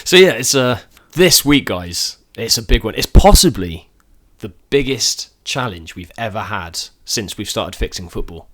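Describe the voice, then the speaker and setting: A man's voice: on the low side, expressive, unhurried, fairly bright tone. A man hosting a football podcast in a jokey, casual way, bantering with his co-hosts. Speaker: podcast host.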